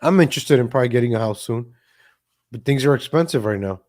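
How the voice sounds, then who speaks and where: A man's voice: mid-range voice, expressive, fast, a little mellow. A man in the middle range reacting to clips on a live stream. He is sarcastic and mocking, and he repeats his jabs.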